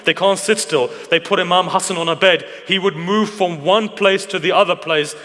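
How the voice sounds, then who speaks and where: A man's voice: high voice, moderate pace, pushed and bright, long reverb tail. A man delivering a mourning sermon at a religious gathering, telling the story with passion and asking the listeners questions. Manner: impassioned storytelling, asks the audience questions. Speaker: majlis speaker.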